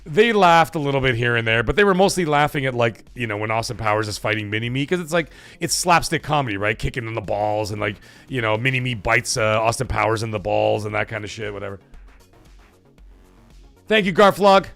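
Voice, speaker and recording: A man's voice: mid-range voice, fairly quick, creaky, soft background music. A man hosting a casual livestream, swearing freely and reading viewer donations aloud. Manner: excitable, swears often, reads donations aloud. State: emotional, voice catching. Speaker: livestream host.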